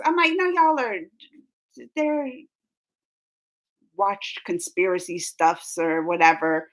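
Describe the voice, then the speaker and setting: A young woman talking casually to her live chat, rambling and indignant, breaking into quick laughs. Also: very high voice, a bit bright. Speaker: streamer reading live chat.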